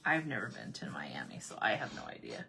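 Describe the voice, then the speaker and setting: A woman originally from Arizona telling a funny everyday story in a casual vlog, animated, repeating herself and laughing often. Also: a bass voice, a little fast, creaky, in a whisper. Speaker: vlogger.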